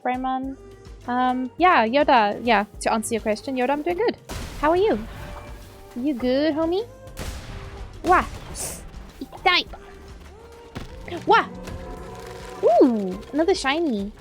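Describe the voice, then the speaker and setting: A young woman streaming a game live, excitable and sweary, gasping and chatting with her viewers. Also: high-pitched, a little slow, long pauses, soft background music. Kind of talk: casual live gaming commentary.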